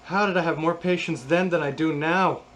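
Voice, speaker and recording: A man's voice: on the high side, normal speed, a bit bright, a little hiss or hum. A man in his thirties restringing a guitar in a casual how-to vlog, ranting with sarcastic, exasperated swearing. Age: 30s. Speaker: YouTube host.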